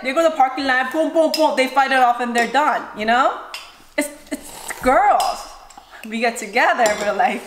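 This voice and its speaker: A woman's voice: high voice, brisk, noisy background. Chatty woman vlogger in an echoey room. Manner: chatty, animated, often acts out other people's lines. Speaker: mukbang and recipe vlogger, mother. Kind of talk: casual advice chat while eating. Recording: roomy echo with clattering dishes.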